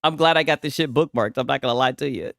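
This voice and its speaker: A man's voice: mid-range voice, fast talker, creaky, a bit bright, no room sound, studio quality. A man hosting a casual gaming news stream, talking loosely and profanely and laughing often as he reacts to posts. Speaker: livestream host.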